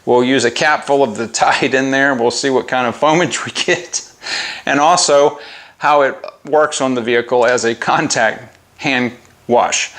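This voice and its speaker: A man's voice: mid-range voice, steady tone, measured pace, fairly bright tone. A man hosting a casual product review vlog, chatty and informal, who keeps breaking into giggles as he talks to his viewers. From United States. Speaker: car care product reviewer. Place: outdoors by a house and driveway.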